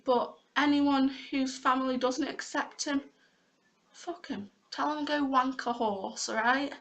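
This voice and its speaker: A woman's voice: sits high, a bit bright. A young woman talking frankly and with feeling in a personal vlog, near tears and swearing casually. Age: young adult. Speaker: vlogger.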